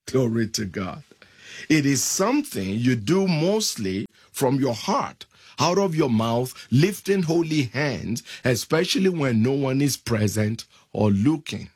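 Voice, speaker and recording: Slow, husky-voiced male preacher. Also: medium pitch, big pitch swings, darkish tone, no echo, studio quality. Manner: slow, deliberate, reads scripture aloud. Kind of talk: sermon.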